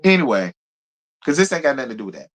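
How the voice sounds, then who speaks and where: A man hosting a casual live recap of a reality TV show, talking in a gossipy, profane, animated way and laughing often. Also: mid-range voice, rapid-fire. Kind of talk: casual live review commentary.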